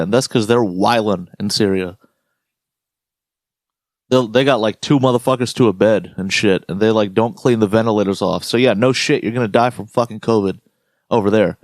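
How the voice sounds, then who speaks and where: A man's voice: lowish voice, brisk, dry recording, clean studio sound. A young man co-hosting a podcast, talking casually and ranting with lots of swearing. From United States. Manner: profane, ranting, animated storytelling. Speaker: podcast co-host. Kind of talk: casual chat.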